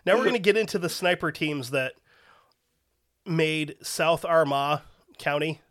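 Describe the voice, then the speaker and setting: A man's voice: a little high, a little slow, a bit bright. A man hosting a podcast, telling a story in casual, profanity-laced chat that rambles and doubles back. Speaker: podcast host.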